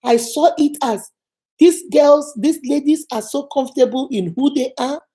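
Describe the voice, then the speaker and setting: The vlogger, a middle-aged Nigerian woman whose native language is Igbo, speaks with a Nigerian accent in a high, mellow voice at a normal speed. Earnestly addressing the camera, she tells stories and offers motivation, repeating phrases for emphasis.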